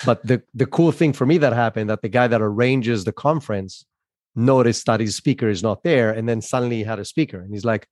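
Relaxed man, dry close sound. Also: mid-range voice, a little fast, dry recording. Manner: relaxed, laughs at himself, repeats words. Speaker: podcaster guest. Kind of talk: casual storytelling.

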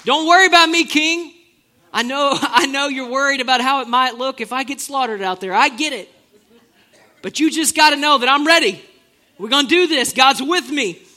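A man's voice: very high-pitched, normal speed, sharp tone, exaggerated voice. A man acting out a brash, confident teenage shepherd boy who trash-talks a giant in swaggering casual slang.

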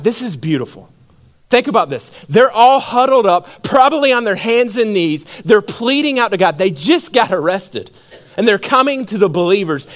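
A young man preaching a sermon, telling stories with rising energy and calling out to the congregation. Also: sits high. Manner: animated storytelling, building to shouts. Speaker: pastor.

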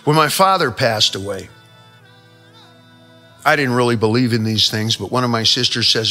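A man's voice: medium pitch, normal speed, pauses often, pushed and bright, faint music behind. A male show host telling rambling comic stories in a brash, profane way. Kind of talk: comic storytelling monologue.

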